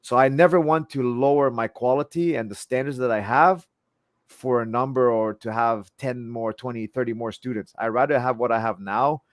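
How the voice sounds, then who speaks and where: A man's voice: mid-range voice, moderate pace, no echo, clean studio sound. A man in his forties with a French accent, a jiu-jitsu instructor talking passionately as an interview guest, often repeating and restarting his words. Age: 40s. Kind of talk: casual interview chat.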